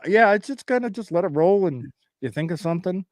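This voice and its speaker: A man's voice: high voice, lively intonation, brisk, dry recording, studio quality. A man hosting a casual podcast, rambling loosely as he sets up a comedy bit. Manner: rambling, setting up bits. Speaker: podcast host. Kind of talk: casual chat.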